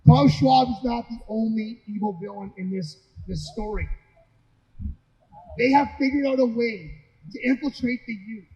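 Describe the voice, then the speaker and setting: A man's voice: very high-pitched, moderate pace, pauses often, warm tone. A man giving an impassioned rally speech, firing off rhetorical questions and repeating words. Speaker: guest speaker at a rally. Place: indoor hall at a city hall. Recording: echoey hall, dull lo-fi sound.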